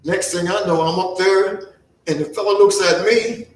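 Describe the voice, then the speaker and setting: A man telling a first-person historical story in character as an earnest young farmhand turned soldier, with a folksy dialect and an unhurried storytelling manner. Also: high-pitched, fairly even intonation, echoey room, far from the mic, a little hiss or hum, natural voice, rough recording. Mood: reminiscing.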